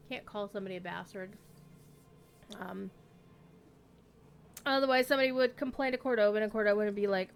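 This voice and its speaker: A woman's voice: mid-range voice, moderate pace, gravelly, long pauses, smooth. A woman streaming an online role-playing game, chatting casually to viewers and to her pet, with an easy, swearing-friendly manner. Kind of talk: casual live-stream chat.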